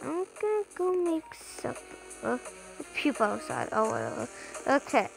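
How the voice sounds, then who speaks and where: High lively young woman gamer, repeats herself a lot, game music going behind. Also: moderate pace, vocal fry, poor audio. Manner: chatty, repeats words in bursts, sudden yelps. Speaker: gamer playing a parent role. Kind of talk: playing a game, talking aloud.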